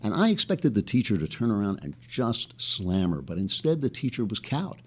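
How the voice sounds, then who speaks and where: A man hosting a podcast monologue, an animated storyteller with chatty asides who breaks into laughs mid-sentence. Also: on the low side, normal speed, husky. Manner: recites poetry with rhythmic, dramatic emphasis. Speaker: podcast host.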